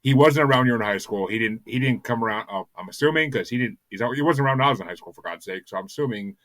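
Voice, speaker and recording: A man's voice: medium pitch, animated, fast, fairly bright tone, no room sound. A man hosting a music podcast in casual chat, rambling and enthusiastic, often stumbling over repeated words. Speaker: podcast host.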